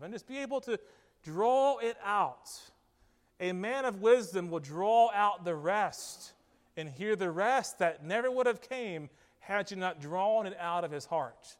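Male preacher, high voice, coaxing sermon delivery, long hall reverb. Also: lively intonation, unhurried. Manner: earnest, coaxing, frequent "okay?" and "right?". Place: church platform.

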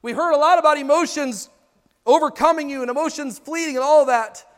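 A man preaching in a very high voice, full of passion and rhetorical questions to his congregation. He swings from loud pleading to quiet, intimate asides. The sound rings with the long reverb of a church hall. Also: brisk. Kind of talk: sermon.

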